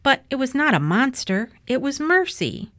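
A woman voicing a gentle, timid older lady who frets softly in a storybook reading. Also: sits high, very animated, normal speed, voice pushed up. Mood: explaining. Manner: soft, fretting.

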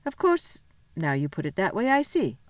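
A woman reading aloud, voicing an earnest, bossy older schoolboy in a brisk, emphatic way. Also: medium pitch, huge pitch swings, no room sound.

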